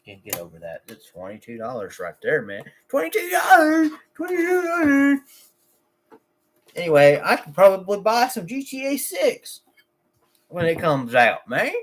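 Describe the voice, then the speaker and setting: Rambling, jokey man with a higher voice. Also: big pitch swings. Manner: jokey, rambling, quick to say he's kidding. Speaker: lawn care business owner vlogging. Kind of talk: casual rambling vlog talk.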